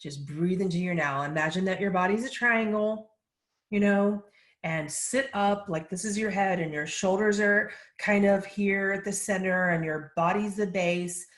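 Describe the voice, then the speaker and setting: Woman medium at a medium pitch, calm and measured, relaying messages, recorded in an echoey room. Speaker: psychic medium. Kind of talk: casual live Q&A.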